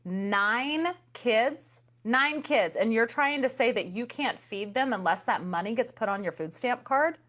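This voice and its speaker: A woman commentator reacting to clips, brisk and critical, reading captions aloud. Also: on the high side, fairly bright tone.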